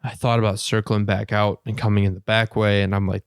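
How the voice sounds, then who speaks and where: A man co-hosting a casual podcast, telling a story with lots of laughter and high-pitched impressions of the people in it. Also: brisk, clean tone, no echo, clean studio sound. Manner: animated storyteller, mimics people in high voices, laughs often. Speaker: podcast co-host.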